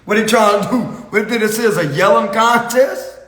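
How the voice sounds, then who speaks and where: Man, casual spiritual reader, slangy, rambling, higher voice, roomy echo. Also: moderate pace, fairly bright tone. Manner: rambling, slangy, laughs often. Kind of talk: casual spoken reading.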